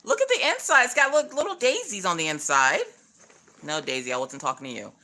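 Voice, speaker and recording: A woman's voice: on the low side, lively intonation, a little fast, pushed and bright. A woman hosting a casual craft livestream, playfully greeting chat viewers by name and joking with them as she unboxes.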